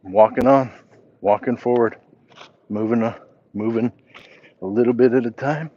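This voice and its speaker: A man's voice: medium pitch, fairly even intonation, normal speed, mellow, muffled recording. A man hosting a casual walk-and-talk livestream, reading chat messages aloud and answering them as he walks. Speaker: livestream host.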